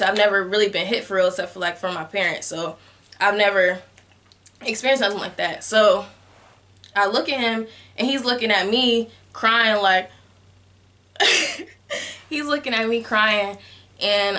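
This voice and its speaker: A young woman telling a personal story in a candid vlog, filling her speech with "like" and growing soft and subdued at times. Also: medium pitch. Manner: candid, heavy use of "like" as filler. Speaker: vlogger.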